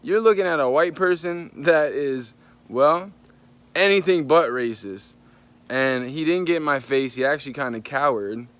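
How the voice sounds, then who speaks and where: A man's voice: fairly high pitch, animated, normal speed, fairly bright tone. A man telling a story in a casual, profane vlog rant. He talks with animation and often jumps into voices to quote people. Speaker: vlogger.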